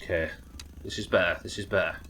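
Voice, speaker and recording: A man from the UK streaming a survival game live, yelling at the game, swearing, and reading out chat messages. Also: low voice, fast talker, background noise. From United Kingdom. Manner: excitable, swears a lot, yells at the game.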